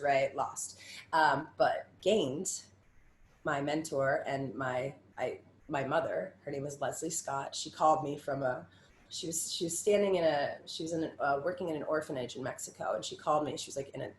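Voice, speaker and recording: A woman with a lowish voice speaks candidly at a panel talk, giving personal testimony in raw, blunt bursts and swearing without holding back. The sound bounces around a roomy space, with a faint hum underneath. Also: steady tone, moderate pace. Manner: candid and raw, swears freely, stacks short phrases in lists. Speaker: panel speaker sharing survivor story.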